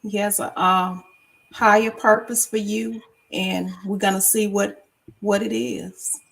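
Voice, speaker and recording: A woman's voice: medium pitch, flat delivery, slow, gravelly, low-quality recording. A woman co-hosting a live online talk show, speaking in an encouraging, faith-filled way. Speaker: co-host. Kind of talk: casual chat.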